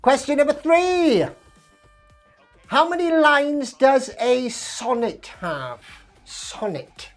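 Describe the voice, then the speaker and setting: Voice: sits high, lively intonation, slow, faint music behind. A quiz host, running a casual live-streamed pub quiz with chatty, self-mocking asides between the questions.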